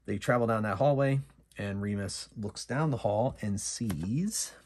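A man's voice: lowish voice, a little slow, darkish tone. A man narrating and playing a solo tabletop game, musing aloud over his rolls and choices. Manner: musing, talks himself through dice rolls and choices. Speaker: solo game master and player.

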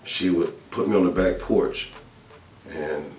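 Deep-voiced man telling a testimony. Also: steady tone, takes it slowly, a little mellow. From Georgia, US. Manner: earnest, storytelling with repeated phrases. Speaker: speaker sharing testimony. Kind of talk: casual spiritual testimony. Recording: echoey room with faint music, mic at a distance.

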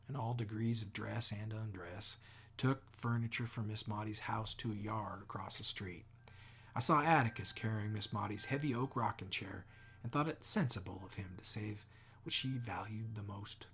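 Gravelly male audiobook narrator. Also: lowish voice, a bit bright. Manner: measured reading, dropping often into near whispers. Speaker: audiobook reader.

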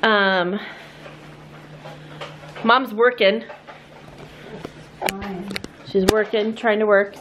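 A woman's voice: medium pitch, fairly even intonation, extremely slow, pauses often, dull audio, noisy background. A woman in her thirties, a family vlogger, chatting casually and upbeat to a handheld camera and laughing often. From United States.

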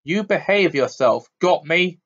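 A loud, bullying uncle who snarls and bellows his threats, as a male audiobook reader puts him on, his voice pushed up higher and harder than the narration. The sound is a little muffled and dull. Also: animated, unhurried. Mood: threatening. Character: blustering bullying middle-aged uncle. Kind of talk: audiobook character reading.

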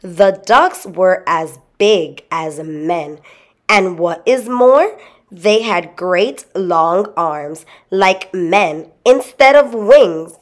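A woman reading a children's story aloud in a slow, expressive way. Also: lowish voice. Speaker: storybook reader.

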